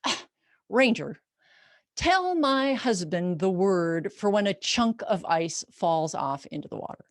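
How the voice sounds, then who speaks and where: A woman's voice: mid-range voice, sing-song, slow pace, no room sound, studio quality. A woman voicing an eager, point-scoring wife on a cruise.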